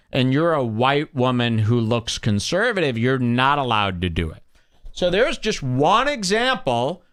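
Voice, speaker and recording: Bright, animated, sarcastic male podcast host. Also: fairly high pitch, clear, resonant tone. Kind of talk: commentary over played clips.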